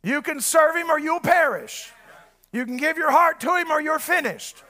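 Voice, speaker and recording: A man preaching a sermon, fervent, often shouting and then dropping low. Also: lively intonation, moderate pace.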